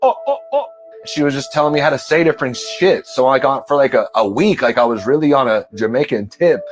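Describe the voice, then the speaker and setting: A man's voice: mid-range voice, fast talker, soft background music. A man being interviewed, telling a story casually with loose, profane talk. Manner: loose, profane, laid-back.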